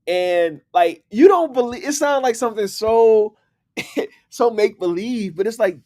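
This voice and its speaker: A man's voice: high voice, lively intonation, a little slow, darkish tone. A man with a DC accent chatting casually on a livestream, laughing and talking straight to his viewers. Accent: Washington DC. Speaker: livestream host and book writer.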